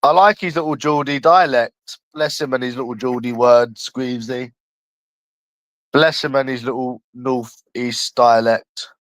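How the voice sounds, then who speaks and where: A man's voice: medium pitch, steady tone, a little slow, a bit bright, no room sound. A man from London chatting casually on a livestream, rambling and addressing a viewer by nickname.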